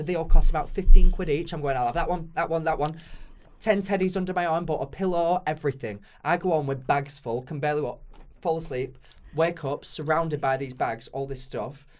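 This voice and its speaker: Crude, rambling British man telling stories. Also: a little high. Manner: rambling, crude, self-mocking, many fillers. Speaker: podcast guest. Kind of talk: casual storytelling chat.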